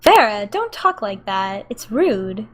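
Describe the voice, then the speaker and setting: A woman's voice: medium pitch, very animated, takes it slowly. A woman voicing an awkward, friendly woman who is dating the father, with hesitant, stammering speech in a tabletop game. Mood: flustered.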